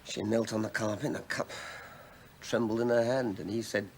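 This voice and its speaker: An actor playing a stubborn middle-aged male research professor who talks in halting, rambling, defensive bursts. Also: fairly low pitch, steady tone, a little mellow, a little hiss or hum, lightly acted. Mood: brooding. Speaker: research scientist. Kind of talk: 1980s television drama.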